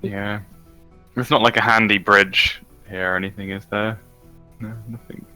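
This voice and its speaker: A man playing a tabletop game, hesitant and unsure, thinking out loud. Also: fairly low pitch, fairly even intonation, normal speed, soft background music, low-quality recording. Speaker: player.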